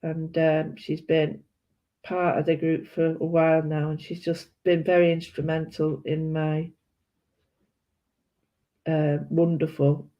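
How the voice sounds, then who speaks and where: A woman's voice: deep voice, level tone, slow pace, pauses often. A British woman chatting casually and rambling while she colours, often correcting herself. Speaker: art vlogger. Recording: dull lo-fi sound.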